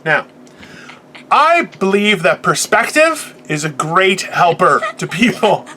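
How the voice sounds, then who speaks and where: A man's voice: sits high, big pitch swings, slow, pushed and bright, a little hiss or hum. A man in his forties hosting a podcast, delivering a profane, boisterous comedic motivational rant. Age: 40s. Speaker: podcast host.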